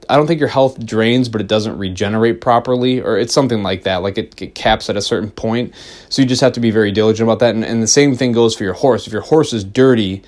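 Low-ish guy on a podcast, rambly and hyped, swears a lot, trips over his words. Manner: rambling and excited, swears freely, frequent restarts. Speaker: podcast co-host reviewing a video game. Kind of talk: casual podcast chat.

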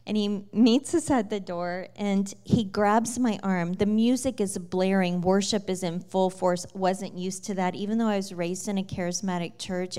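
A woman telling the story of her conversion in a lively, casual way, with many fillers and frequent laughter. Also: medium pitch, smooth. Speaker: guest sharing her testimony. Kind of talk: personal testimony storytelling.

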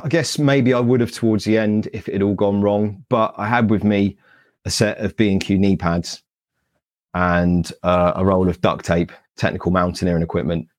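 A man's voice: lowish voice, flat delivery, moderate pace, a little mellow. A man with a British accent telling his story animatedly in an interview, acting out past conversations in a self-deprecating way. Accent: British English. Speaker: guest speaker, Paralympian.

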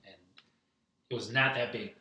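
A man's voice: mid-range voice, steady tone, normal speed, sharp tone. A young man telling a rambling, profane story in casual chat, heard from a distance in a room. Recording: roomy, distant mic.

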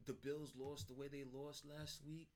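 A man co-hosting a sports podcast in casual chat, given to animated, profane rants. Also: medium pitch, unhurried.

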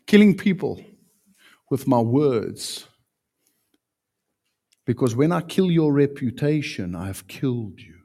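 A man preaching a sermon as pastor, emphatic, with sudden loud peaks. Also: medium pitch, sing-song, slow, long pauses.

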